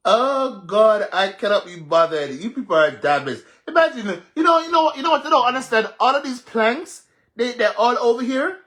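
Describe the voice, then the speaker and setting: A man with a Jamaican accent ranting on a live stream, mocking and cursing with loud laughs. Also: very high-pitched. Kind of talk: casual live-stream rant.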